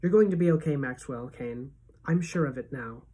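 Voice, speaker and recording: A woman voicing a calm, formal middle-aged female principal, measured and reassuring, with a husky tone. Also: rumbling low. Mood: soothing.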